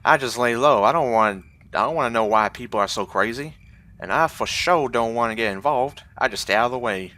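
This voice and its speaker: A man voicing a surly, dim-witted male estate guard who talks loud, gruff and ungrammatical. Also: mid-range voice, fairly quick, pitched above the performer's own voice, lightly acted. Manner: gruff, ungrammatical street talk.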